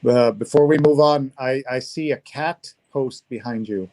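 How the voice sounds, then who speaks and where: A man hosting an online interview show, speaking haltingly with frequent restarts. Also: mid-range voice, dark tone. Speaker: host. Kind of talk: casual video-call interview.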